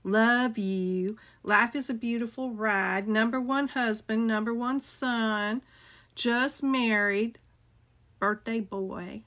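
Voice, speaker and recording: A woman's voice: a little high, slow, a bit bright. A middle-aged woman, chatting casually with viewers as she shows off a craft haul, gushing and greeting people by name. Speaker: crafting video host.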